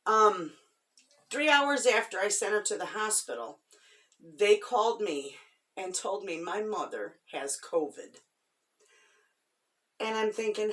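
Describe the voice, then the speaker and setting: A middle-aged woman, chatting to her viewers in a halting, somber way with many restarts. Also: medium pitch, lively intonation, a bit bright, distant mic. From Michigan. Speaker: homestead vlogger. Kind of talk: casual chat to viewers.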